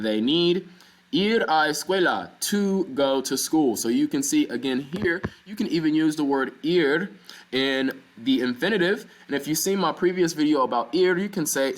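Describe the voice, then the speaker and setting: A man, a Spanish teacher talking through a recorded lesson with patient explanations, fillers and quick self-corrections. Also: medium pitch.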